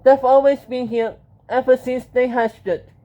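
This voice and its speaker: Reader voicing an excitable old man, slow mellow delivery, lo-fi. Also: high voice. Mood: excited.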